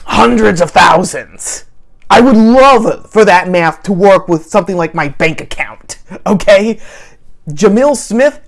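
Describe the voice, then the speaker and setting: A man hosting a solo political commentary show, sarcastic and animated, often turning to the listener with "okay?". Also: on the high side.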